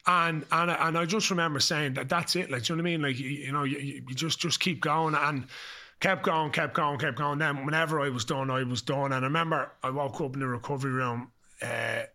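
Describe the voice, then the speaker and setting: An Irish man guesting on a podcast, telling stories in a lively, swearing way full of fillers and restarts. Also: fairly high pitch, fairly quick. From Ireland. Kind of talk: casual storytelling chat.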